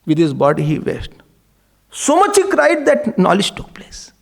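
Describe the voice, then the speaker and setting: A man's voice: high voice, wildly swooping pitch, a little slow, vocal fry. A man giving an impassioned devotional discourse as a spiritual teacher, pleading and exhorting his listeners. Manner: impassioned, mixing in Hindi verses and pleading cries.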